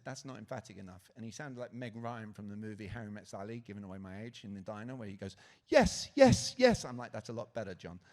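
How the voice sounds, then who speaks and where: A man giving a live sales talk at a conference, asking the audience questions and acting out quotes. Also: medium pitch. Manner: lively, asks the audience questions, acts out quotes. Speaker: conference speaker. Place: conference hall stage.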